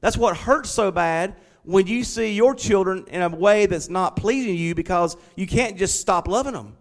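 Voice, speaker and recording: A middle-aged man preaching a sermon, shifting from quiet, conversational storytelling to emphatic declarations. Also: high-pitched, moderate pace. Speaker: pastor.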